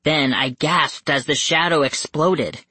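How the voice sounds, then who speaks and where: Husky storyteller reading a creepy kids' tale real slow, dry close sound. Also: mid-range voice, bright, forceful tone, dry recording. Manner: slow, measured and suspenseful, rising tense at scary moments. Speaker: audiobook narrator. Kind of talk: first-person scripted horror narration for young readers.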